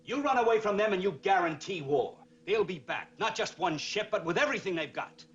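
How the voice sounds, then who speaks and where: A distrustful starship officer. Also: male voice, high-pitched, expressive, a little fast, a bit bright, a little hiss or hum. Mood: accusing. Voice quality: accusing, tense. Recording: dull lo-fi clip audio.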